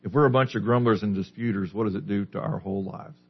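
A man's voice: fairly low pitch, fast talker, creaky, breathy edge. A man preaching a sermon, putting questions to the listeners and then answering them. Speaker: pastor. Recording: dull lo-fi recording.

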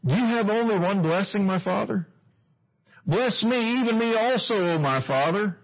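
A heartbroken, bitter young man cries out to his father in a husky voice that rises and strains, as a male preacher acts him out while reading. It sounds dull and lo-fi. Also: animated, normal speed, exaggerated voice. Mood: pleading. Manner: pleading, voice rising high. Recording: dull lo-fi recording.

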